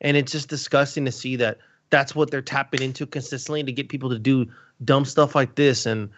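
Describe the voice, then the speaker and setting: A man's voice: medium pitch, steady tone, fairly quick, fairly bright tone, slight background noise. A man from Brazil co-hosting a casual panel chat, rambling and joking with lots of fillers and restarts. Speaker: panel co-host. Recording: dull lo-fi stream audio.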